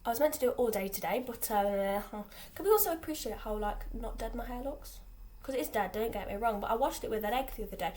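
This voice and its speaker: A woman's voice: on the high side, fast, few pauses, a little mellow. Rambling teenage English girl vlogging. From England. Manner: chatty, scattered, lots of fillers and restarts. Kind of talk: rambling casual vlog chat.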